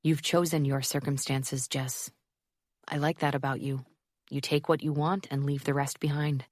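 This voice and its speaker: A woman voicing a charming, attentive young man who speaks softly and earnestly in an audiobook. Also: a little high, flat delivery, moderate pace, no room sound, clean studio sound, lightly acted. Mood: intimate. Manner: soft and earnest.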